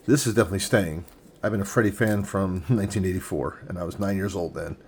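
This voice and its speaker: Casually unboxing comics at home in front of a tripod-mounted camera, a man in his forties enthuses over each one as he thinks aloud. He's a fast talker with a deep, slightly rough voice.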